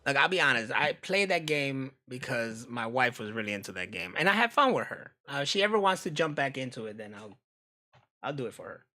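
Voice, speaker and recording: A man's voice: mid-range voice, sing-song, a little fast, pushed and bright. An American man streaming, chatting casually and profanely while reacting to videos, often laughing. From United States.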